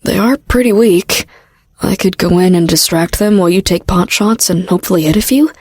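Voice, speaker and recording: A woman voicing a bold, teasing young woman adventurer in an audiobook, talking in a low, relaxed and wry way. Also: brisk, husky, no room sound, studio quality. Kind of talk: audiobook character voice.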